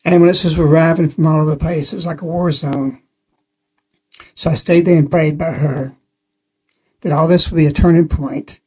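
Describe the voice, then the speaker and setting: Man, radio testimony, husky voice, earnest plain storytelling. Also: a little high, fairly even intonation, moderate pace, pauses often, darkish tone. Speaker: religious radio speaker. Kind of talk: spoken testimony on a radio program.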